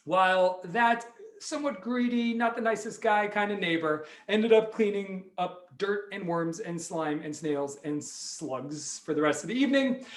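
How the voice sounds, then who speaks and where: A man telling a story on a video call, lively and full of sound effects and character voices. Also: fairly high pitch, reverberant. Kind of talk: animated storytelling for families.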